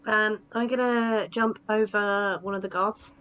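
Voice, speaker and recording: A woman's voice: mid-range voice, steady tone, measured pace, a bit bright, clean tone, lo-fi sound. A woman playing a tabletop game, rambling through her moves with fillers and giggles. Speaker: player. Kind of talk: casual tabletop play.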